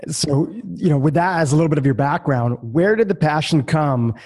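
Man hosting a podcast, fairly high voice. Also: a little mellow. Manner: measured, builds long winding questions. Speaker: podcast host. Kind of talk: interview questions.

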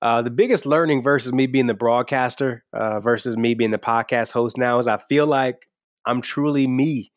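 A man's voice: medium pitch, moderate pace, no room sound, studio quality. A man speaking as a podcast guest in a casual, earnest and enthusiastic way, repeating words when he is emphatic. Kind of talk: casual interview talk.

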